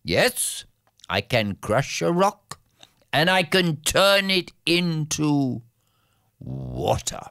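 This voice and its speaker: A man playing a brash shouting young shepherd. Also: a little high, huge pitch swings, extremely slow, clear, resonant tone, dry recording, clean studio sound, voice pushed up, full character voice. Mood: boastful. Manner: loud, cocky, shouting boasts.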